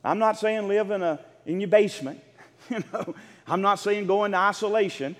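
A man's voice: high voice, normal speed, big-room sound. A man preaching a sermon with impassioned, rhythmic delivery, reading scripture and addressing the congregation.

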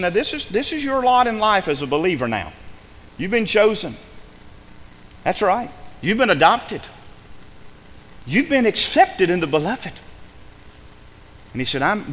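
Preacher guy, high bright voice, big swings up and down, long church echo. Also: a little hiss or hum. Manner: emphatic preaching, swings between hushed and loud. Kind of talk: sermon.

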